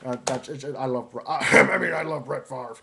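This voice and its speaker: A man doing an impression of an older football commentator who rambles, stammers and gets excited. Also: medium pitch, brisk, gravelly, slight background noise.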